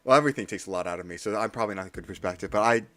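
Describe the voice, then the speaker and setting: A man chatting casually on a live stream while practicing Japanese kana, self-deprecating and nervously energetic. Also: lowish voice, rapid-fire. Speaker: livestreamer studying Japanese kana.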